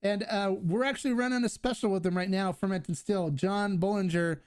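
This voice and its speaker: Upbeat high-voiced man hosting live Q&A. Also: brisk, a little mellow, clean tone. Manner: casual, enthusiastic, frequent fillers and restarts. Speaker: host. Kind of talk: live-stream Q&A chat.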